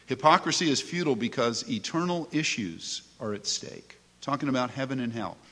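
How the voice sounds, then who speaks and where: Male pastor, mid pitch, earnest preaching, long reverb tail. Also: a bit bright. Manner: earnest, emphatic preaching, reading scripture aloud. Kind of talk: sermon.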